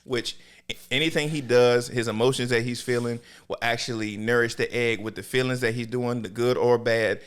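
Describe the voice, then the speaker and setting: A man's voice: mid-range voice, fairly even intonation, moderate pace, clean tone. A young man co-hosting a podcast, chatting casually and profanely about an anime while laughing often. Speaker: podcast co-host. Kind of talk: casual anime review chat.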